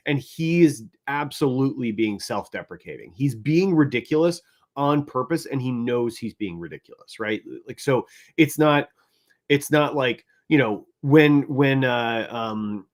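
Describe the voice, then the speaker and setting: A man's voice: mid-range voice, lively intonation, unhurried. A man co-hosting a casual panel talk, making his case analytically and often checking in with "right?". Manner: analytical, keeps tagging points with "right?". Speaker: co-host.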